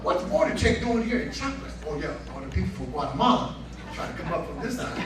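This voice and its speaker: A man telling a lively story at a reunion event, acting out the voices of the people in it and laughing along. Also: sits high, fast talker, background noise. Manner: animated, laughing storyteller who acts out quotes. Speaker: honoree giving a speech. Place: banquet room with crowd. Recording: roomy hall, far from the mic. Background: crowd murmur and laughter.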